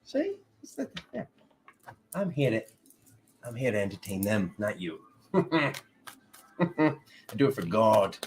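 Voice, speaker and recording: A man giving a casual livestream tarot reading, playful and jokey, laughing often and swinging from loud remarks to mutters. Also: lowish voice, huge pitch swings, slow pace, pauses often, background noise. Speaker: tarot reader.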